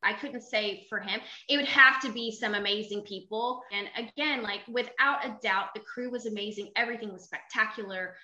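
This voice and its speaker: A woman guest tells her side of events in plain, earnest conversation. Her tone is bright and forceful. The sound carries a noticeable roomy echo. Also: medium pitch, moderate pace, hardly any pauses. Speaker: guest, salon owner. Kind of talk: casual interview talk.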